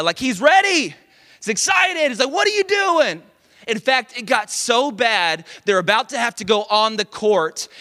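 A middle-aged man preaching a sermon, telling a story with lively, animated delivery and loud acted-out quotes. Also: sits high.

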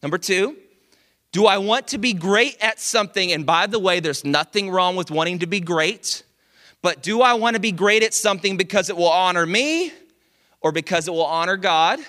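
A middle-aged man preaching a sermon, telling a story with lively, animated delivery and loud acted-out quotes. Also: sits high, moderate pace.

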